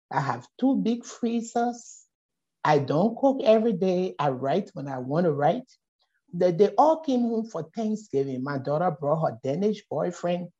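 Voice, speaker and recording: A middle-aged woman with a Liberian accent tells a story in conversation, her low, mellow voice rising and falling with lively swings in pitch. The audio is dull and lo-fi. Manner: animated, acts out voices in her stories. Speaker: poet and scholar, guest.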